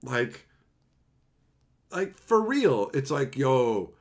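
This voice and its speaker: His voice gravelly and sing-song, this Canadian man speaks very slowly on a live stream, reading the chat, cracking crude jokes, and laughing a lot, though now and then he turns low and earnest to give advice.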